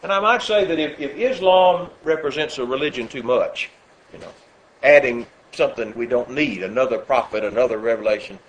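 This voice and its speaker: A man preaching a sermon, who gets loud and high when he quotes scripture and drops low and soft for his asides. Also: brisk, slight background noise, rough recording.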